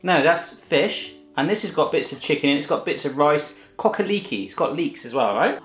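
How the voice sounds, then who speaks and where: A man's voice: fairly high pitch, expressive, fairly quick, a bit bright, reverberant, soft background music. A man hosting a food taste test in a home kitchen, chatting casually with playful jokes. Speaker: host.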